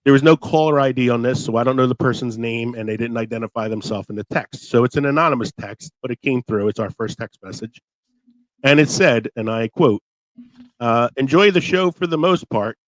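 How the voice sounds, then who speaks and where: A man's voice: medium pitch, a little fast, no echo, low-quality recording. A talkative man hosting a casual podcast chat, laughing often, with a sore throat and a voice that is wearing out. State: sore throat, losing his voice. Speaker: podcast host.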